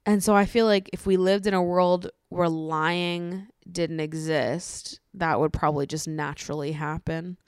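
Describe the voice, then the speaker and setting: A woman hosting a solo podcast, chatting casually with lots of swearing, laughter and animated ranting. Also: lowish voice, unhurried, hardly any pauses, clean tone, no room sound, clean studio sound. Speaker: podcast host.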